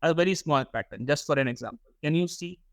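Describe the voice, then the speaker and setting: A young man lectures a workshop class in a slightly high voice, recorded dry and close with no room echo. He often repeats words and keeps asking the students questions. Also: fast, fairly bright tone. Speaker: workshop instructor.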